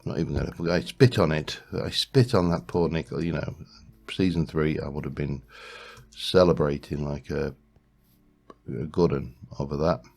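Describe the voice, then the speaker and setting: A man's voice: rumbling low, moderate pace, creaky, a little mellow. A man hosting a let's play, musing aloud in casual gameplay commentary, rambling with frequent restarts.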